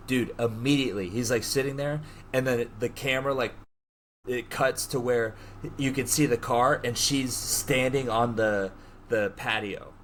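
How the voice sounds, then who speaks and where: A man hosting a podcast, casually retelling a movie plot in an animated way, swearing freely. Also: medium pitch, a little slow, a little hiss or hum. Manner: animated storyteller who swears freely and acts out quotes. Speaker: podcast host.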